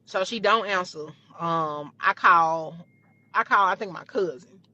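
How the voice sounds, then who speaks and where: A woman telling a personal story in a casual, animated and blunt way, with plenty of swearing. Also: fairly low pitch, a little slow, crowd noise. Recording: dull, dry lo-fi clip.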